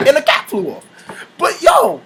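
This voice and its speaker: Lively young man telling a story. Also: extremely high pitch, a little slow, a little hiss or hum. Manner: animated, slangy, laughing storyteller. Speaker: channel host. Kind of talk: casual storytime.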